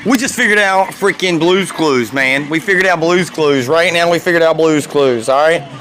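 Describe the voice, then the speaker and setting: A man hosting a casual wrestling review podcast, rambling excitedly and swearing freely as he reacts. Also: a little high, moderate pace, soft background music.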